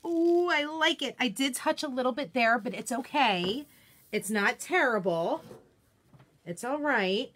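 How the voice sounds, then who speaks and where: Chatty bright-voiced woman craft host. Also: sits high, lively intonation, a little slow. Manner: chatty and self-deprecating, greets viewers by name; laughs easily and jokes about her slip-ups. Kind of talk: casual live-stream craft tutorial.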